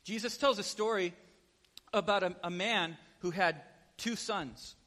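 High-voiced male preacher telling a story. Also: measured pace, long reverb tail. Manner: animated, asks the listeners questions. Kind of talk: storytelling sermon.

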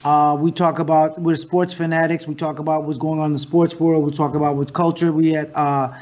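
A man, a guest actor and comedian, talking in a casual interview as an animated, profane storyteller. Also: fairly high pitch, brisk, highs cut off.

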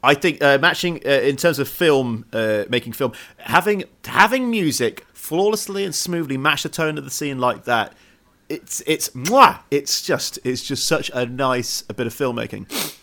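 A man's voice: mid-range voice, moderate pace, pushed and bright. A man co-hosting a casual film podcast, talking with eager enthusiasm and frequent restarts. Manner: enthusiastic, gushing, stumbles and restarts. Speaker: podcast co-host.

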